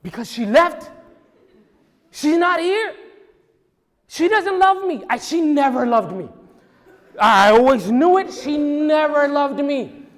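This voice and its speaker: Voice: high voice, lively intonation, takes it slowly, long pauses, pitched above the performer's own voice. A speaker voicing a small boy who cries and accuses his mother of leaving him, in a hall with long reverb. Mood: tearful, accusing. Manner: wailing, accusing.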